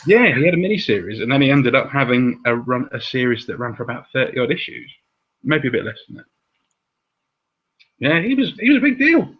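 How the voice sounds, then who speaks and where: Chatty host guy, kinda raspy, muffled lo-fi recording. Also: medium pitch, sing-song, fairly quick. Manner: chatty, laughing asides. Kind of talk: casual chat. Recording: dull lo-fi sound.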